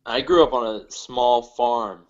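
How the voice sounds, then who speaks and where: A young man from northern Ohio with a Midwestern accent talks as a podcast guest. His stories come out halting and hesitant. The recording sounds slightly dull. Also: mid-range voice. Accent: Midwestern American. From northern Ohio, USA. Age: young adult. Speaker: guest comedian. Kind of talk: casual interview chat.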